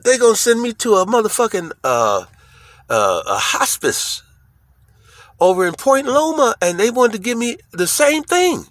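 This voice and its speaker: A man talking casually to the camera, telling a story in an animated way, swearing often and checking in with "right?" after his lines. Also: extremely high pitch, unhurried, dry recording. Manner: animated, profane, repeats "right?" and "you know what I'm saying?". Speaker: vlogger.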